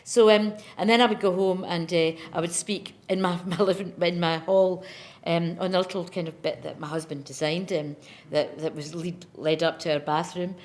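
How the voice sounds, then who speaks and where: Scottish woman, slightly low voice, chatty interviewee who declaims verse emphatically. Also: steady tone, moderate pace, hardly any pauses, a little mellow. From Scotland. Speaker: poet interviewed on stage. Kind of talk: conversational chat and poetry reading.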